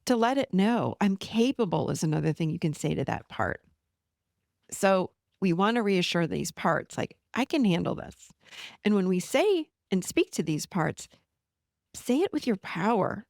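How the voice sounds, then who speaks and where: Dry-voiced woman coaching gently. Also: lowish voice, normal speed, vocal fry, no room sound. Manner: warm coaching, gently reassuring, animated. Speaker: podcast host and therapist. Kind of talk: teaching self-help talk.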